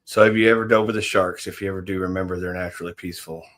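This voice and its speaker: A man's voice: sits low, fairly even intonation, rapid-fire, a bit bright. A middle-aged man co-hosting a livestream, rambling and joking in casual chat with viewers and his partner. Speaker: livestream co-host.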